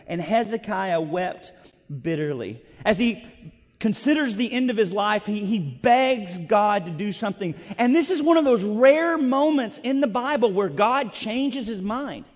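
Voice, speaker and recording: Unhurried and animated, a high-voiced man gives a sermon as pastor, weaving personal stories with passages of scripture. His manner is chatty and self-mocking, echoing with the lengthy reverb of a big hall.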